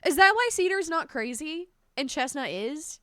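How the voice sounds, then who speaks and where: A woman with a high, bright voice chats with her stream viewers in a scattered, talkative way. Her pitch swoops all over as she thanks people and swears mildly. The sound is close and dry, from her home streaming setup. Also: animated, moderate pace, no room sound. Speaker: live streamer. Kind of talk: casual stream chat.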